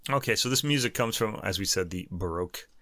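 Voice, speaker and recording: A man's voice: on the low side, expressive, fast talker, pushed and bright, dry recording. A man co-hosting a podcast in casual chat, laughing easily and stumbling through French titles with many restarts. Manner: laughs often, lots of restarts. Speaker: podcast co-host.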